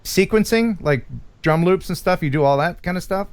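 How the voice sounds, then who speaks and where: A man's voice: sits high, normal speed, clear, resonant tone. A man hosting a casual livestream chat, joking and teasing his guest. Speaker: host.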